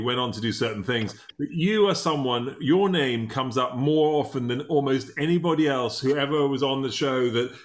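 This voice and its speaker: Middle-aged man as chatty interview host, rambling, lots of restarts and fillers, mid pitch. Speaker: podcast host. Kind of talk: casual interview chat.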